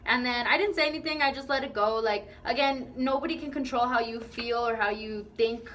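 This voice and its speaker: A woman's voice: a little high, a little fast, a bit bright. A young woman, chatting casually to camera in a vlog and filling her talk with frequent "like"s. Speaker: vlogger.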